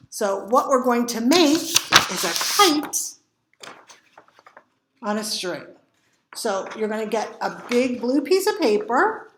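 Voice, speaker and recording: A woman's voice: a little high, big pitch swings, takes it slowly, pauses often. A woman librarian reading picture books aloud to children and explaining a craft, voicing the sound effects expressively. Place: library room. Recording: roomy echo.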